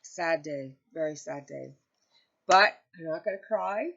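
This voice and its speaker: Lady vlogging from home, kinda low voice, rambly and teary, muffled lo-fi sound. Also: unhurried, gravelly, fairly bright tone, breathy edge. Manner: tearful, rambling, heartfelt. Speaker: crochet vlogger. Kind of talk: casual chat to camera. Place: home, with pets nearby. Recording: dull lo-fi home video audio.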